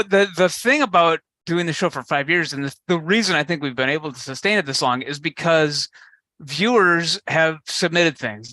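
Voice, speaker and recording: A man's voice: a little high, bright, forceful tone, no echo. A man co-hosting a comedy video show, chatting loosely with frequent laughs. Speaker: co-host. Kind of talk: casual banter.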